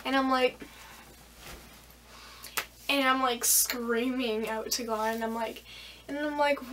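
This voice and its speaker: High-voiced teen girl telling a storytime. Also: fairly even intonation, slow, pauses often, a bit bright, recorded from a distance, slight background noise, poor audio. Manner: rambling, giggly, many fillers. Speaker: vlogger. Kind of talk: casual storytime.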